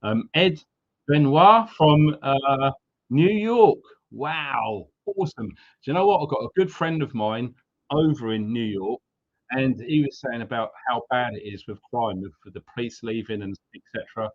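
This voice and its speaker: A man hosting a casual live stream, upbeat and greeting viewers one by one. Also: medium pitch. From Wales. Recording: slightly dull lo-fi sound.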